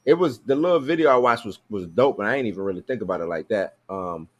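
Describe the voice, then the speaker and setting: A man's voice: fairly low pitch, expressive, fast, muffled recording. A man hosting a live chat show, talking loosely and joking, full of slang and fillers. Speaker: podcast host. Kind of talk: casual chat.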